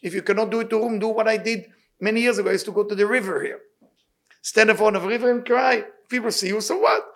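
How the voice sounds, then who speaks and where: A man giving an impassioned sermon and telling a story, repeating his key words and speaking loose, halting English. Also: high voice, gravelly, fairly bright tone. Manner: loose, halting non-native English grammar. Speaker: rabbi giving weekly inspiration.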